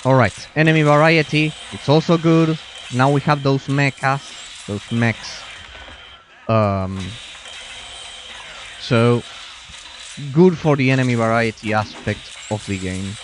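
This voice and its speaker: A man with a medium-pitched voice talks at a slow pace with long pauses, and there's slight background noise. He's doing casual let's-play commentary, rambling with restarts and muttering to himself as he plays.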